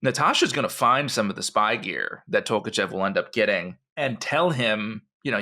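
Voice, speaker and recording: This man co-hosts a podcast, recounting a piece of history in a meandering, conversational style full of digressions, repeated "you know"s, and false starts. His voice sits on the low side, bright and forceful, with lively intonation, a normal speed, and few pauses.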